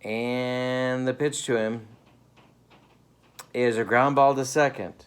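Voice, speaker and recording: Guy doing slow play-by-play for a tabletop baseball game at home, dry jokey announcer vibe, average pitch. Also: fairly even intonation, slight background noise. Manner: dry, playful broadcaster patter. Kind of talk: mock radio play-by-play commentary. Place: home living room.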